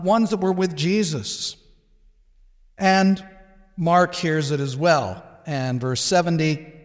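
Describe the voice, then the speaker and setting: A pastor explaining a passage in a measured sermon, with restarts and small asides. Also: male voice, a little high. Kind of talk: expository sermon. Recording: long hall reverb.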